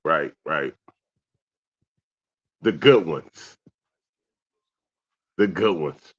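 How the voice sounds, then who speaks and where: A young adult man co-hosting a casual talk show, animated and profane, reading out comments from viewers. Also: fairly low pitch. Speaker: podcast co-host. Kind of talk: casual chat. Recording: dull lo-fi sound.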